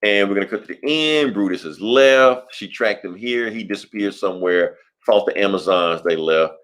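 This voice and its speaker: Low-voiced man recapping comics casually. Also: normal speed, a bit bright. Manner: loose, profane storytelling recap. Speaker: podcast co-host. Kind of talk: casual comic book review chat.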